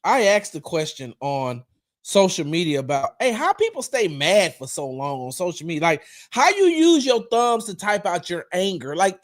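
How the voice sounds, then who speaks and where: Animated man hosting a fan show. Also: sits high. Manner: animated, swings from loud to quiet. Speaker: sports podcast host. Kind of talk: casual fan commentary. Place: home room.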